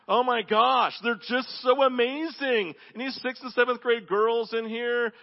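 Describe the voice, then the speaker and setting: A man preaching a sermon as pastor, telling stories with animated delivery that drops to a low, intense hush. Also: measured pace, lo-fi sound. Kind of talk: sermon with storytelling.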